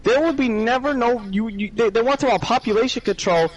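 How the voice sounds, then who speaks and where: A man chatting on a podcast while gaming, blunt, profane and excitable. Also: very high voice, fast, lo-fi sound. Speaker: podcast co-host.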